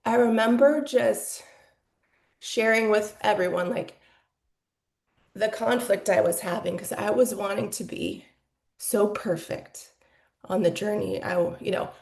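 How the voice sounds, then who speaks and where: A woman's voice: mid-range voice, a little slow, gravelly, pauses often, darkish tone, echoey room. A woman in her forties telling her personal story as a podcast guest, candid and emotional, with lots of "like" fillers. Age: 40s.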